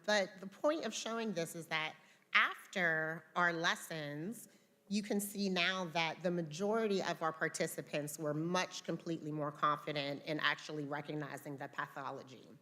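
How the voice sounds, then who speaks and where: A woman's voice: fairly low pitch, normal speed, sharp tone. A woman presenting research results at a conference in a conversational way, with filler words.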